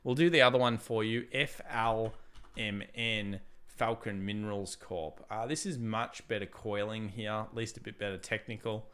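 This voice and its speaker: A man's voice: lowish voice, smooth. A young man hosting a live stream, chatting casually about trading charts and reading out viewer messages. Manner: chatty, animated, reads viewer super chats aloud. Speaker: livestream trading host.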